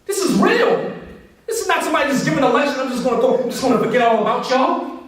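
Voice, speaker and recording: A man's voice: extremely high pitch, animated, fast, far from the mic. A man giving a passionate, conversational religious talk and addressing his audience directly. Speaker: speaker. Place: large echoey hall. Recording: echoey hall, voice from afar.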